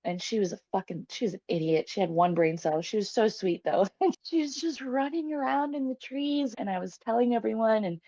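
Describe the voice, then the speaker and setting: A woman's voice: a little high, animated, brisk, dark tone, dry recording. Candid woman telling an emotional story. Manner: candid, emotional, swears freely, laughs often. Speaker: podcast guest. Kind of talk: personal storytelling interview. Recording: dull, dry, lo-fi podcast sound.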